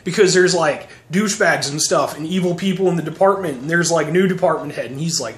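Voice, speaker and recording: A man's voice: on the high side, fast talker, hardly any pauses. A man sarcastically recapping action movies in a casual, profane, rambling way. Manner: sarcastic, profane, mocking voices. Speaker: movie reviewer. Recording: echoey room, faint noise.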